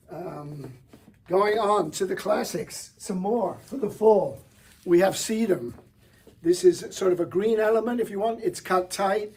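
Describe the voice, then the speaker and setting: A middle-aged florist shows off flowers in a product demonstration, chatty and enthusiastic, with fillers and little restarts. His voice is high-pitched, creaky, and a little mellow, with a faint hiss or hum.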